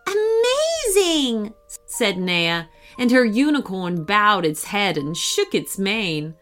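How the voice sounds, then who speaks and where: Slow, expressive woman reading a story. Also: mid-range voice, faint music behind. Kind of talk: children's bedtime story reading.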